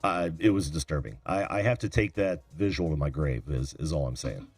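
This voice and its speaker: Deep-voiced American host with dry wit. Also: male voice, fairly quick, breathy edge, no room sound, faint music behind. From United States. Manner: laughs easily, dry wit. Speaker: host of a video call-in show. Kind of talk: casual banter. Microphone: video call.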